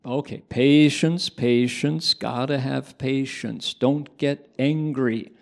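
A man voicing an old male Buddhist master with a gravelly voice, calm, sure of himself and gently teasing. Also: mid-range voice, slow. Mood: playful assured. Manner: bright, assured delivery with a playful edge.

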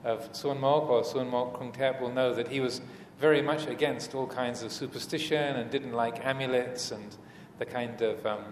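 A man teaching as a Buddhist monk in a dharma talk, speaking hesitantly with many fillers and restarts and gentle humor. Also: mid-range voice, fairly even intonation, normal speed, hardly any pauses. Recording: echoey hall, faint room noise.

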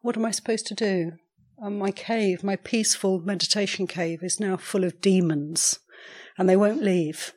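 A woman's voice: medium pitch, steady tone, moderate pace, darkish tone, natural voice. A woman voicing a desperate young male monk, pleading frantically in a story she is telling.

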